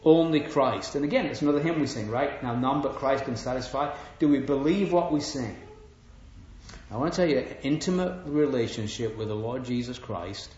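A man's voice: medium pitch, lively intonation, normal speed, a little mellow. A middle-aged man preaching a sermon, earnest, often stammering and checking in with "right?". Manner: earnest, repeats "right?" to the audience. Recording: roomy, dull live hall recording.

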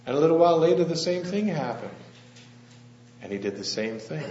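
A man preaching a sermon in a church hall, telling the story gently and asking the congregation questions. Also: a little high, very animated, fast. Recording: echoey, slightly dull room with faint hum.

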